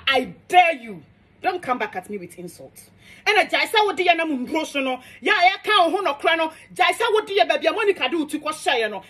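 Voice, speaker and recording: A young woman with a Ghanaian accent rants in a high, bright voice. Her pitch leaps all over the place as she scolds with defiant emphasis. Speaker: social media commentator. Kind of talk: heated monologue rant.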